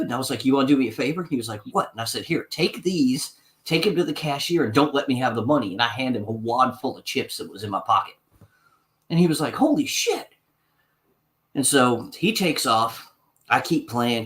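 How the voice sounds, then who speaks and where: A man's voice: medium pitch, a bit bright. A man casually telling a long, profane anecdote on a podcast, acting out both sides of the talk. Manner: long-winded anecdote, swearing, acts out quotes. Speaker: podcast co-host. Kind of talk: casual storytelling.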